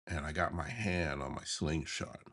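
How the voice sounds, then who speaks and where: Deep husky man telling a childhood story. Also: moderate pace. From USA. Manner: animated, chuckles while telling. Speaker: podcast host. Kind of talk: memoir storytelling podcast.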